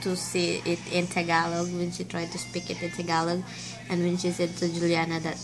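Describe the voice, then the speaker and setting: A woman's voice: on the low side, monotone, a little fast, music in the background. A Filipino woman chatting casually in a home vlog, giggly and repeating herself as she talks. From Philippines. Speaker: vlogger. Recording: noisy household background.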